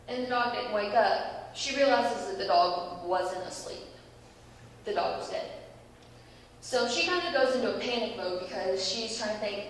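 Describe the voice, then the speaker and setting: A young woman giving a church talk, telling a lively story and acting out its people. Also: mid-range voice, fairly quick. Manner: lively storytelling, acts out voices. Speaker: youth speaker. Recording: echoey hall, distant mic, faint hiss.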